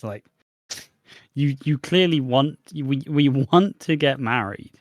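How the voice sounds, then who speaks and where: A man's voice: medium pitch, slow, no echo, clean studio sound. A young British man co-hosting a podcast, chatting casually about a soap in a laid-back way, laughing between phrases. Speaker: podcast co-host. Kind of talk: casual chat recapping a soap.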